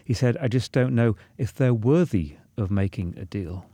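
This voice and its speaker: A male correspondent filing a steady radio news report and relaying quotes. His voice is mellow and mid-pitched, and the recording is dry and close. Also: normal speed, husky, no room sound.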